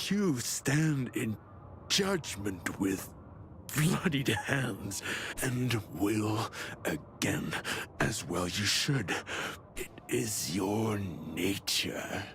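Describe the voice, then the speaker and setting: An actor playing a sinister, taunting villain who speaks slowly and theatrically. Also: male voice, on the low side, a bit bright, slight background noise, heavily acted. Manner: slow, menacing, theatrical with mocking laughs. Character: sinister ancient male villain, taunting and grand. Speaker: boss character. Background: game music.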